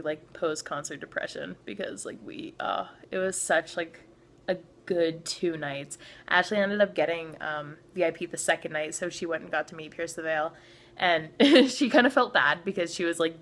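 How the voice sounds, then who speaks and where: A young woman from Canada telling a storytime vlog, excitable and full of filler "like"s, acting out what people said. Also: on the low side. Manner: excitable, many filler "like"s, acts out quotes. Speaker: vlogger.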